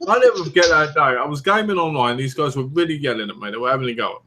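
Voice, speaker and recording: A man's voice: fairly high pitch, animated, racing, bright, forceful tone, a little hiss or hum. A man chatting casually as co-host, playful and jokey while telling stories. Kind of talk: casual chat.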